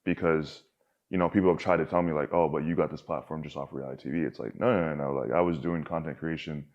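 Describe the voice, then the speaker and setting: A man's voice: rumbling low, steady tone, fast talker, highs cut off. A young man talking candidly as a podcast guest, rambling with lots of filler words and casual swearing.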